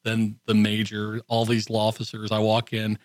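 A middle-aged man, a guest on a radio talk show, telling animated war stories with laughs and quoted voices. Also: fairly low pitch, moderate pace, no room sound. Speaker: guest, Army veteran. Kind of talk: casual storytelling. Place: radio studio.

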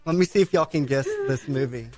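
A man's voice: medium pitch, fast, a little mellow. A man in casual radio studio banter who laughs often and tries silly impressions, with faint music behind.

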